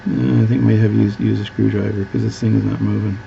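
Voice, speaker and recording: A man's voice: on the low side, little pitch movement, fast talker, vocal fry, mellow, highs cut off, a little hiss or hum. A Canadian man with a Canadian accent, chatting casually as he works through a watch repair, rambling and restarting often. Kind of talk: casual workbench tutorial.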